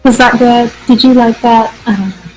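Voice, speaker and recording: A woman's voice: fairly high pitch, fairly even intonation, moderate pace, darkish tone, soft background music, low-quality recording. A woman teacher hosting a live question-and-answer stream, chatty, upbeat and reassuring. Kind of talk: live casual Q&A.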